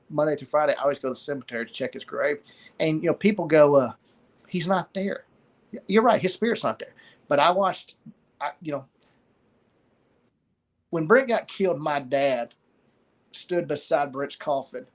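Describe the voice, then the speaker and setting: A middle-aged man with a somewhat high voice tells a personal story of loss. He speaks haltingly, pausing often and starting phrases over. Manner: halting, pauses and repeats words. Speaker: guest sharing a story of loss.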